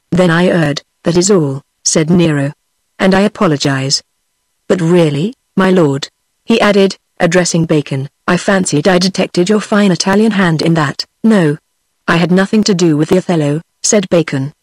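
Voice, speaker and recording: A text-to-speech woman's voice with a British English accent, reading a novel aloud in a steady, even manner that gives every character the same voice. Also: lowish voice, moderate pace, no room sound. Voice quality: synthetic, even computer voice. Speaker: audiobook narrator.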